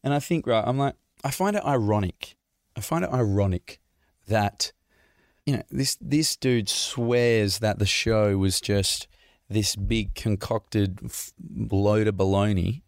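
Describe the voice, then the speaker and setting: A man's voice: medium pitch, a little slow, dry recording, clean studio sound. A man hosting a podcast, answering listener questions in a jokey, rambling way. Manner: jokey, rambling, laughs often. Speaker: podcast host. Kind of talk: casual Q&A chat.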